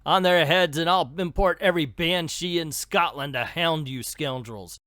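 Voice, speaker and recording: A man's voice: fairly high pitch, moderate pace, pushed and bright, no echo, clean studio sound. A man voicing a rich, fierce old male cartoon duck who makes blustering threats. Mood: angry. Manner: blustering threat, failed Scottish attempt.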